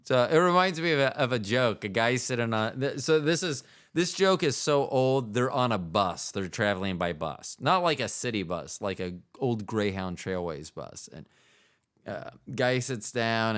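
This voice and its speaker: A man's voice: fairly low pitch, lively intonation, a little slow, a bit bright, clear, resonant tone. A man hosting a podcast, telling jokes and rambling in casual chat, often trailing off mid-sentence. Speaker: podcast host.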